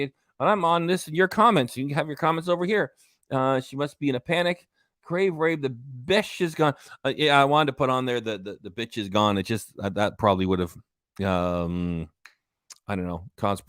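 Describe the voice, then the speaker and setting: A man's voice: medium pitch, normal speed, a bit bright, dry recording, studio quality. Rambling man hosting a livestream. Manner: rambling, many uhs and restarts, reading out commenters. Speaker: livestream host. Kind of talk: casual livestream commentary.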